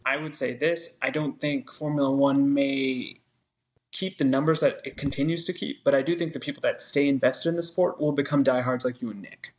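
A man's voice: mid-range voice, fairly even intonation, brisk. A man co-hosting a casual podcast discussion, speaking earnestly in long, reflective sentences. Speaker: podcast co-host.

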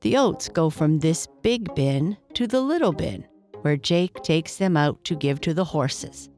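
A woman's voice: lively intonation, a little slow, a little mellow, faint music behind. A woman voicing a little boy who stammers and talks in a raised, childlike voice in a bedtime story. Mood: reassuring. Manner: stammering, higher than her own voice.

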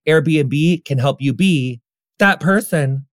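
A man's voice: fairly high pitch, slow pace, dry recording, studio quality. Campy man doing a chatty ad read. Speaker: host reading an ad. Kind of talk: casual ad read.

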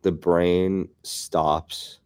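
A man's voice: sits low, little pitch movement, extremely slow, darkish tone, clean tone. A man with a head cold and a nasal voice, a neuroscientist guest in casual chat, wry and self-deprecating. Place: basement of an office building.

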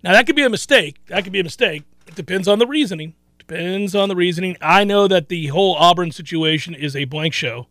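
A man hosts a sports talk radio show in a noticeably high voice. He talks casually and with excitement, often laughing and repeating himself. The sound is close and dry, straight into a studio microphone. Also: quick pace, no echo.

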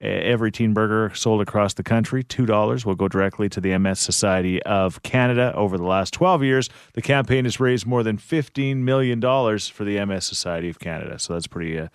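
Low-pitched, laid-back morning radio host who reads the news and banters. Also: male voice, smooth, no room sound, clean studio sound. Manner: easygoing, frequent filler pauses.

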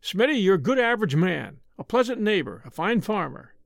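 A man's voice: high-pitched, sing-song, fairly quick, gravelly, no echo, studio quality, exaggerated voice. A man as a weary, brooding husband.

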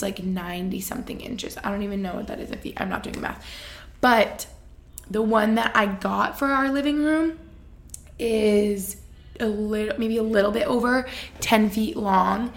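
Chatty young woman with vocal fry. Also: mid-range voice, normal speed. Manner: chatty, lots of fillers, laughs while telling stories. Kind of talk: casual storytelling chat.

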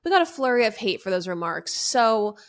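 A woman's voice: fairly high pitch, sing-song, a little fast. A woman co-hosting a pop culture podcast in casual chat, playful and mock-formal at times. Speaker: podcast co-host.

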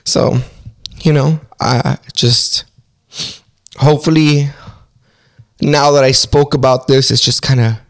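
A man's voice: medium pitch, fairly even intonation, slow pace, gravelly, long pauses. A man talking openly and emotionally as a podcast guest, swearing often and laughing through pain. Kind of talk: emotional casual podcast talk.

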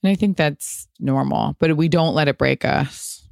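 A woman in her thirties hosting a solo podcast, answering listener questions in a candid, profane, animated way. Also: low-pitched, moderate pace, gravelly, smooth, no room sound, clean studio sound. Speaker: podcast host.

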